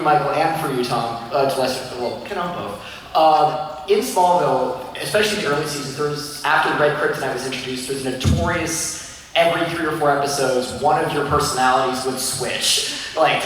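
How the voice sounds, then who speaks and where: A man's voice: fairly high pitch, fairly bright tone, slight background noise. Man asking a rambling question. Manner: rambling, hesitant, filler-heavy. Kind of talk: audience question. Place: large convention hall. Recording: echoey hall, distant mic.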